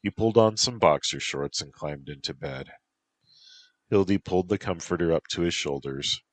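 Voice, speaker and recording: A man narrating a story in a slow, even reading voice. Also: sits low.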